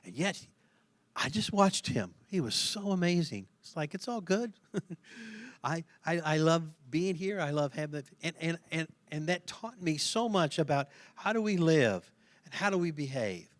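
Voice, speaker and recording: A middle-aged man pastor preaching a sermon in an animated, conversational way, laughing often and repeating himself for emphasis. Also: fairly high pitch, measured pace, dry recording.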